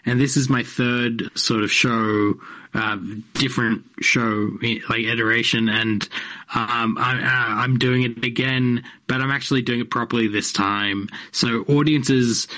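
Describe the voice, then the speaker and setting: A man in a radio studio talks loosely about his comedy work. He restarts his sentences, stumbles over words and laughs often, and his voice sits at an ordinary middle pitch. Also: fairly even intonation, measured pace, sharp tone. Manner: rambling, self-interrupting, laughs often. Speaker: comedian guest. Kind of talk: casual interview chat.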